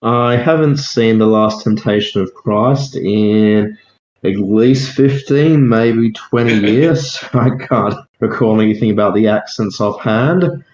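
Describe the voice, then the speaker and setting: A man co-hosting a casual film-discussion podcast who explains his points deliberately and without hurry. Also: lowish voice, darkish tone. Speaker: podcast co-host. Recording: dull, echoey lo-fi sound.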